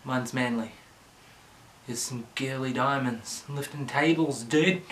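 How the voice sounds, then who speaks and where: A man rambling through an erratic, profanity-laden comic rant, jumping between yells and mutters. He talks slowly and drags out his words. He is recorded from a distance in an echoey room with clear background noise. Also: mid-range voice, fairly even intonation. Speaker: vlogger. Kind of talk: manic comedic rant.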